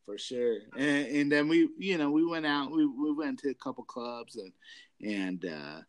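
A man's voice: mid-range voice, animated, normal speed, dry recording. A young adult man rambling through a profane story in casual chat, laughing often.

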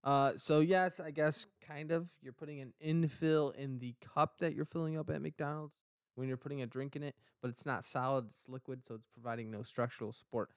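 A man's voice: mid-range voice, fairly even intonation, fairly quick, clean tone, dry recording, clean studio sound. Joking man co-hosting a podcast. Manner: joking, rambling, playful. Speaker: podcast co-host. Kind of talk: casual podcast chat.

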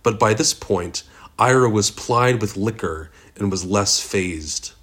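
A man reading a novel aloud as an audiobook narrator, steady and measured. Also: on the low side, slightly rough. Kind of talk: scripted narration.

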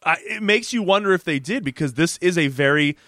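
A slightly high-voiced man co-hosting a podcast, chatting through an episode recap. He animates the story by acting out the characters' lines. The sound is dry and close. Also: brisk, no echo. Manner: animated, acts out quoted characters. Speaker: podcast co-host. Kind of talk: casual recap chat.

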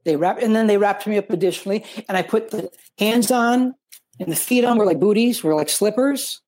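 A man, an actor on a panel, talking eagerly in a halting way and repeating words often. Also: high voice, darkish tone. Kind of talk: casual panel talk.

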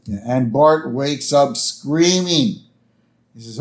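Podcast co-host, casual recap, animated pitch, unhurried. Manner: lively, keeps checking in with "right?".

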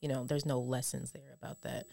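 A woman's voice: very deep voice, flat delivery, fairly quick, vocal fry, dark tone, dry recording. A woman from Compton telling candid personal stories in a casual podcast chat. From Compton, California. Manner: candid, storytelling with acted-out quotes.

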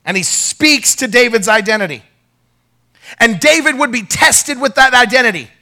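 A man preaching a sermon as pastor, animated and acting out the people in his story. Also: normal speed. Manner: animated, acts out quoted voices; drops to a quiet, low storytelling tone.

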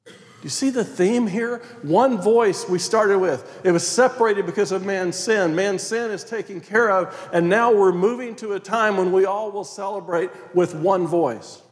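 Man, pastor, sermon, fairly high-pitched, emphatic scripture reading, long hall reverb. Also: unhurried. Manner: emphatic preaching, reading scripture aloud, dropping to quiet prayer.

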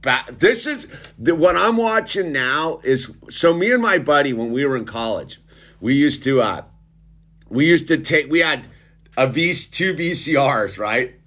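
A man's voice: fairly high pitch, animated, unhurried, a bit bright. A middle-aged man in a casual, rambling, sarcastic monologue, often restarting and calling the listener dude. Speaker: commentator.

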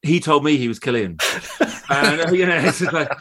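A man's voice: on the high side, animated, normal speed, sharp tone. A man in his fifties, an actor guest from England, telling stories in a chatty, laughing way on a podcast. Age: 50s. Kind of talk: casual podcast chat.

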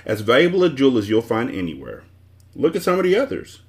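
A man's voice: medium pitch, wildly swooping pitch, quick pace, pitched above the performer's own voice. A man voicing a grand, proud old male math wizard who bellows his lines in a storybook reading. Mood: booming.

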